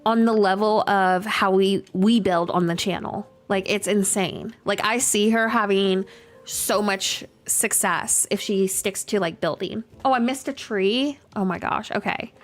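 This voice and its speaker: A woman's voice: mid-range voice, a little slow. A young adult woman streaming a game, chatting casually with viewers, full of fillers, laughing often and reading chat aloud. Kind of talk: casual livestream chat while gaming. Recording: faint music behind.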